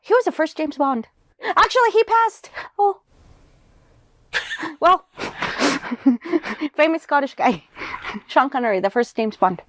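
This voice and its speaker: Playful high-voiced young woman guest. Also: lively intonation, fairly bright tone. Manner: playful, quick jokes, mixes in Spanish. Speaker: podcast guest. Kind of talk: casual chat.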